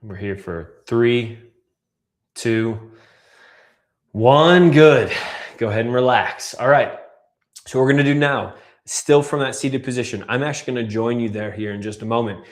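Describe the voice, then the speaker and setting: A man coaching a guided breathwork class, calmly cueing breaths and counting down holds. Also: mid-range voice, moderate pace. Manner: calm, counts down and cues breaths.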